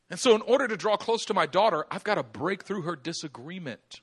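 A male pastor delivers an animated sermon, his high voice swinging widely in pitch. The tone is bright and sharp, with a husky edge. He acts out back-and-forth dialogues, breaking into laughter and shouting. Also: normal speed. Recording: live church service.

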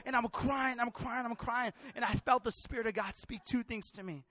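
A man from California telling his conversion story as a sermon, slangy and casual at first, then rising into loud, fervent preaching. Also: very high-pitched, fairly even intonation, normal speed, no echo. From California, USA. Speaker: preacher giving his testimony. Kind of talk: sermon testimony.

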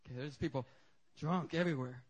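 A man preaching at a church service, his voice sitting fairly high. He tells stories with lively humor and an easygoing, animated delivery. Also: a little fast, breathy edge, highs cut off. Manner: animated, joking storytelling. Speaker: pastor. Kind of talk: sermon.

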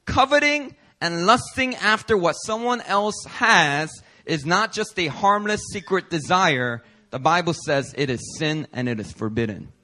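A male pastor preaching a sermon in a playful, animated way with casual slang. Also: fairly high pitch, a little slow, few pauses.

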